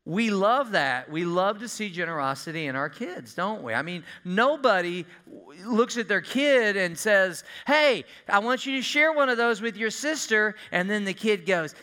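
Animated pastor preaching. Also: male voice, high voice, moderate pace. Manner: animated, folksy, asks the congregation questions. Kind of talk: sermon.

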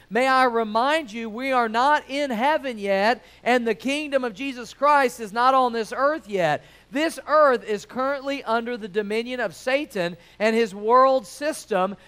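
A man's voice: very high-pitched, a bit bright, clear, resonant tone. A man preaching a sermon, emphatic and conversational, full of rhetorical questions.

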